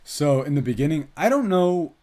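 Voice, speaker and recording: A young man co-hosting a casual movie review podcast, chatty and quick with asides, laughing often. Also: on the high side, sing-song, a little mellow. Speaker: podcast co-host, film reviewer.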